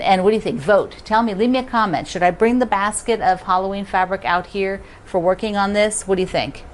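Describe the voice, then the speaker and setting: A woman's voice: medium pitch, brisk, few pauses. Giggly quilting lady chatting to her viewers, gushes a lot, bit of faint noise behind. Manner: chatty, giggly, lots of gushing. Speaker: quilting video host. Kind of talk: casual chat to viewers.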